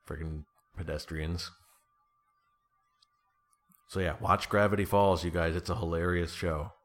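A man's voice: deep voice, fairly even intonation, unhurried, soft background music. A middle-aged man chatting casually as an interview guest, rambling and self-deprecating, with lots of fillers and restarts. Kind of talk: casual conversation.

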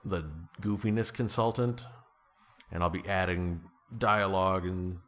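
A man's voice: deep voice, unhurried, fairly bright tone. A man talking as an author guest in a casual interview, playful, laughing often and slipping into comic voices.

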